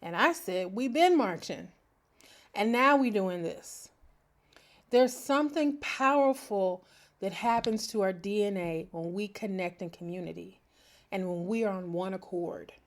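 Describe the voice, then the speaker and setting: Expressive woman hosting a reflective podcast. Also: mid-range voice, a little slow. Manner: expressive, animated, breaks into laughter and sings snatches. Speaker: podcast host. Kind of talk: reflective solo podcast talk.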